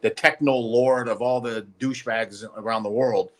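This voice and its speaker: A man's voice: medium pitch, steady tone, moderate pace. A male podcast co-host chatting casually, with blunt, wry remarks. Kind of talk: casual chat.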